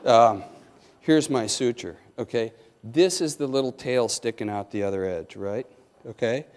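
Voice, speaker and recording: A man with a fairly low voice leads a hands-on demonstration in a lecture hall, coaching his audience step by step. His manner is folksy and joking, and he keeps checking that everyone is following. A long reverb trails every phrase. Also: a little mellow. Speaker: surgeon teaching knot tying.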